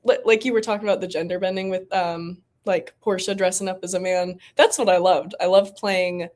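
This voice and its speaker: A woman's voice: on the low side, steady tone, fairly quick, a little mellow. Bubbly young woman actor, laughing often. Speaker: actor guest. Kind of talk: casual interview chat.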